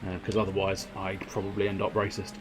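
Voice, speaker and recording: A man's voice: low-pitched, completely flat delivery, fast talker, faint music behind. A man streaming a video game, joking and rambling with frequent laughs. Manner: jokey, rambling, laughs often. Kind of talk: gaming livestream commentary.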